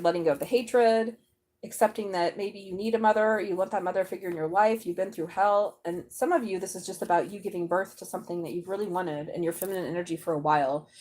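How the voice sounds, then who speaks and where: Animated woman giving a tarot reading. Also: lowish voice. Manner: animated, exclaiming and laughing while reading cards aloud. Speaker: tarot reader.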